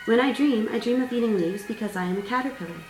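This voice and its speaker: A woman's voice: mid-range voice, expressive, normal speed, close to an everyday voice. A woman voicing a small, wise male caterpillar who talks patiently, with mild exasperation. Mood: lecturing. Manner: patient, lecturing, mildly exasperated. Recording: roomy sound, distant mic, faint music.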